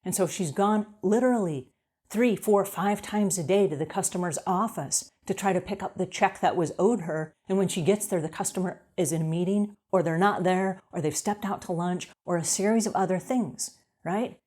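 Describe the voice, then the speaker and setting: A woman's voice: fairly low pitch, normal speed, warm tone. A middle-aged woman hosting an advice show about house cleaning. She talks straight to her viewers, repeats her key points and asks rhetorical questions. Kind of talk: direct-to-camera advice talk.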